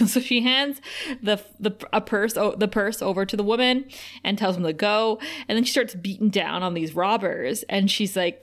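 A woman's voice: mid-range voice, normal speed, a bit bright. A woman co-hosting a podcast, talking through a show's episode in casual chat. She laughs easily and swears without a second thought. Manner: laughing, chatty, swears freely. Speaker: podcast co-host.

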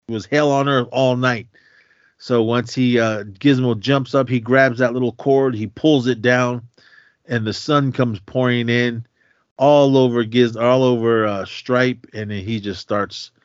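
A man at a middle pitch talks through a movie scene by scene in a loose, rambling way, backing up and restarting his sentences. He chuckles as he goes and slips into voices for the characters. The sound is dry and a little dull. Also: no room sound. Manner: rambling, restarts sentences, laughs often, acts out quotes. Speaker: podcast co-host. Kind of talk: casual movie recap chat. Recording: slightly dull dry podcast audio.

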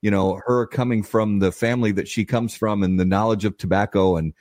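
A male host asking a guest a long, halting question with frequent restarts. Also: lowish voice, fairly even intonation, darkish tone, dry recording, studio quality. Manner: halting, restarts often while setting up a question. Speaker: podcast host. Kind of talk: interview questions.

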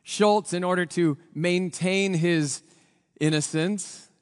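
A male pastor giving a sermon in an earnest, reflective way, his voice a little rough, with pauses and restarts. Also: high voice, long reverb tail. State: voice a little rough from recent strain.

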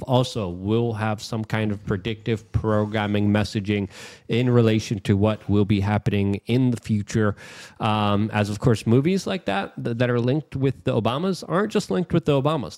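A man co-hosting a casual podcast chat, swearing freely and getting loud and animated when excited. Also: medium pitch. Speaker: podcast co-host.

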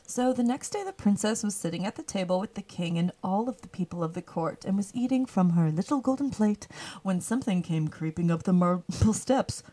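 A woman's voice: mid-range voice, animated, a little fast, mellow, low-quality recording. A young woman co-hosting a podcast, casually retelling a fairy tale with profane jokes. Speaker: podcast co-host. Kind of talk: casual comedic storytelling.

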